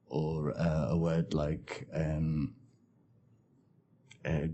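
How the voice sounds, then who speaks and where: Deep-voiced man with a Scouse accent. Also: steady tone, very slow, warm tone. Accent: Liverpool Scouse. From Liverpool, England. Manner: hesitant, with many ums and repeated words. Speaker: speaker describing his accent. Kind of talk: unscripted monologue for a language lesson.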